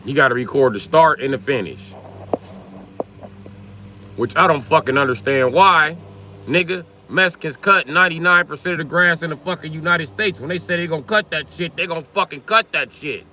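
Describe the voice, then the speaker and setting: A man live streaming, ranting in loud, profane comedy commentary over a video. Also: on the high side, moderate pace, slight background noise.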